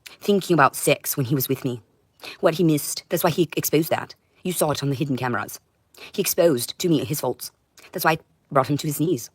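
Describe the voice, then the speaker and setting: A woman delivering a rambling livestream monologue in an intense, confrontational way, swinging between loud outbursts and low muttering. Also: a little fast, slightly rough, no echo.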